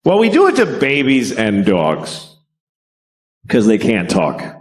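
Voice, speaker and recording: Deadpan, profane male stand-up comic. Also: fairly low pitch, slow pace. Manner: deadpan, profane, acts out bits. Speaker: stand-up comedian. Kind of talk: stand-up comedy set. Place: stage before a live audience.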